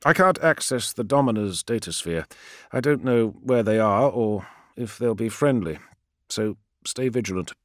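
A man voicing a calm, confident male adept who speaks in a measured, persuasive way. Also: on the low side, no echo, clean studio sound, close to an everyday voice.

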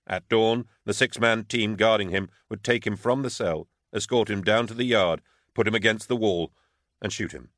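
A man reading an audiobook as narrator, in a measured, steady storytelling manner. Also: lowish voice, dry recording, studio quality. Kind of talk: scripted narration.

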